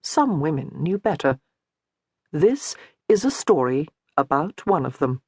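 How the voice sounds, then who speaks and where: A woman narrating a historical novel in a measured, storytelling way. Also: low voice, sing-song, darkish tone, husky, dry recording, clean studio sound. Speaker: audiobook narrator. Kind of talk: scripted narration.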